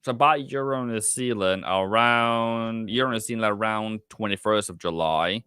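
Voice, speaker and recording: This forex trader and livestream host talks at a moderate pace in a lowish, sharp, clear and resonant voice. Thinking aloud with frequent fillers, he replies to the chat in casual commentary, captured in clean studio sound without echo.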